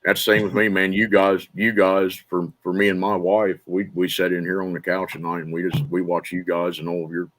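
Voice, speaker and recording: A man's voice: low voice, little pitch movement, brisk, few pauses, fairly bright tone. A man chatting on a livestream, blunt and profane, getting heated as he talks. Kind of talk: casual chat.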